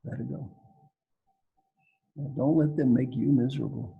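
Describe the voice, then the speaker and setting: A man's voice: medium pitch, fairly even intonation, moderate pace, gravelly, husky, narrow, tinny audio. An older man from Kentucky, a coaching speaker on a panel, telling stories in a folksy, joking way and repeating phrases for emphasis. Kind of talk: casual storytelling on a video call panel.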